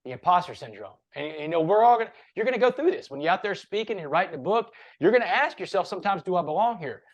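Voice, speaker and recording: A man's voice: high-pitched, sing-song, fast, lo-fi sound. A man, a motivational speaker and podcast guest, talking in an earnest, emphatic, preachy way. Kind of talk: casual interview chat.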